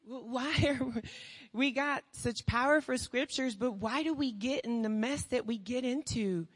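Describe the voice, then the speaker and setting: A woman preaching a sermon with passion, firing rhetorical questions and swinging from hushed tones to shouting. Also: a little high, moderate pace, husky, in a large hall.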